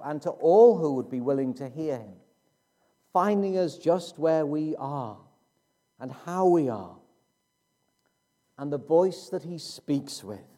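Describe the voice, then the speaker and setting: A man preaching a sermon in a slow, emphatic way with dramatic pauses. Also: fairly high pitch, dark tone.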